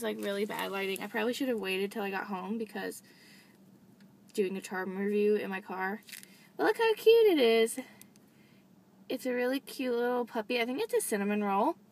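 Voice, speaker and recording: A young woman from the United States chatting excitedly in a casual unboxing vlog, filmed on a camera set down inside a parked car. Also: a little high, fairly quick. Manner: bubbly, chatty, apologetic, many "like" and "really". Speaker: vlogger. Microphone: handheld camera set down on the dashboard.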